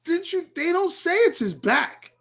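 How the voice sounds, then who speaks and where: A young man hosting a casual basketball podcast, talking excitedly and jumping to high squeals for emphasis. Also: measured pace, vocal fry. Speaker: podcast host.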